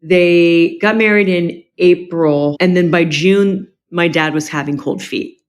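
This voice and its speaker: A middle-aged woman with a lowish voice, appearing as a podcast guest, tells a personal family story candidly with quick asides.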